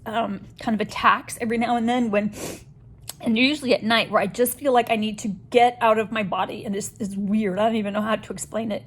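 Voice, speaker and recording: Brief: woman, candid and hesitant vlog update, slightly higher voice, lots of ums. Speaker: vlogger sharing a health update. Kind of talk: casual personal video diary.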